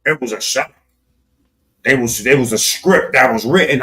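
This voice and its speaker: A man giving a profane, animated political commentary rant, talking straight to his viewers with sudden loud swings. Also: medium pitch, moderate pace. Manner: animated, loud swings, heavy swearing, talks to viewers directly.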